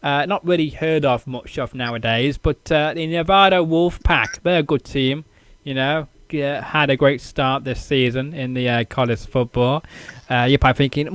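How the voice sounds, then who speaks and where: A British man hosting a casual podcast interview, halting and repeating words with many fillers. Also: medium pitch, smooth, no echo. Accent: British English. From United Kingdom. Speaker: podcast host.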